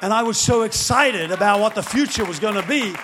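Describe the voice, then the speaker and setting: A male pastor preaching a dramatic storytelling sermon that swings up to shouting. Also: sits high, lively intonation, brisk, a crowd in the background, background noise.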